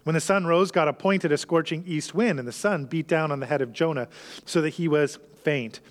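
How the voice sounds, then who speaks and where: A man's voice: on the high side, fairly quick. A man preaching a sermon to his congregation, earnest and conversational, explaining a passage and pressing its point. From Canada. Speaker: pastor. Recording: reverberant hall.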